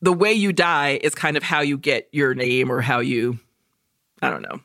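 A woman's voice: rumbling low, moderate pace, gravelly, dry recording, studio quality. A woman co-hosting a podcast, retelling a movie in casual chat, swearing freely and acting out the characters' lines for laughs. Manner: profane, animated storytelling with jokey quoted voices. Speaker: podcast co-host.

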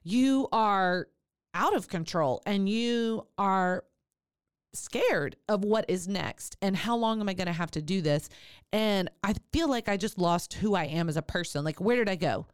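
A woman who educates about childbirth and writes about it, talking on a podcast in a lively way, addressing listeners directly and acting out laboring moms. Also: medium pitch, unhurried, clear, resonant tone, no echo, studio quality. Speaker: birth educator and author. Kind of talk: podcast talk.

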